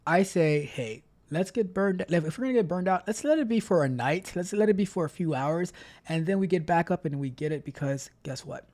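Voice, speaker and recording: A man's voice: fairly high pitch, lively intonation, a little fast, darkish tone. A man hosting a live stream, chatting casually, reading out chat messages and repeating himself as he talks. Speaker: livestream host.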